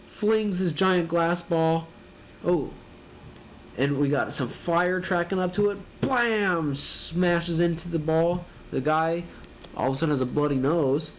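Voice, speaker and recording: A man's voice: on the high side, measured pace, a little hiss or hum. Chuckling man narrating comic panels. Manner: laughs often, narrates panels casually. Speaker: manga reaction host. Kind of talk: live reading and reaction.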